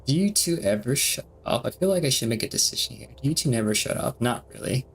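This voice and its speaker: A man's voice: mid-range voice, animated, gravelly, husky. Man streamer reading game text aloud. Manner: reads game dialogue aloud between quick reactions, laughs often.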